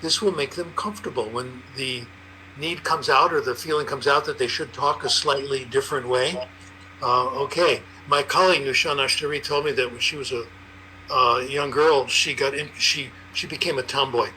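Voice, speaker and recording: Bright-voiced older man telling stories. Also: medium pitch, normal speed, slight background noise, low-quality recording. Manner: anecdotal, lively storyteller. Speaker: panelist, language researcher. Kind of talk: conversational explanation.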